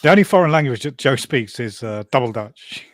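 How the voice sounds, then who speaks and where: A man's voice: medium pitch, animated, normal speed. A man joining a casual chat panel, cracking cheeky, crude jokes. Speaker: panel guest.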